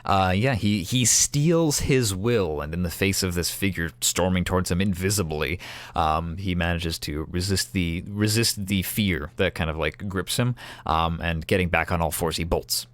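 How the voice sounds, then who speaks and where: A man's voice: low-pitched, moderate pace, no room sound. A man narrating a tabletop game as game master, in casual, filler-heavy speech. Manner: casual, filler-heavy narration with sudden loud acted shouts.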